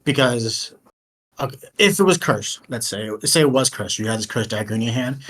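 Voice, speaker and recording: A man's voice: medium pitch, lively intonation, moderate pace, a bit bright, slightly rough. A man acting as dungeon master, patiently explaining rules and reassuring his players. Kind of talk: running a tabletop game.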